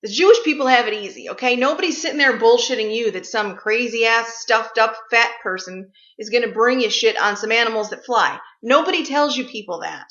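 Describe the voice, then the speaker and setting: Woman ranting w/ lots of swearing, bright kinda high voice, echoey dull room sound. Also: brisk, hardly any pauses. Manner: blunt, sarcastic, profane. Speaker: vlogger ranting about gifts. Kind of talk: comic rant.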